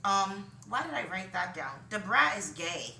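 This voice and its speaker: A woman's voice: medium pitch, sing-song, normal speed, creaky, sharp tone, slight background noise. A woman vlogging from her home, rambling through opinions with many ums and short laughs at herself. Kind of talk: casual opinion monologue. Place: home room with laundry behind her. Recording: roomy, distant from the mic.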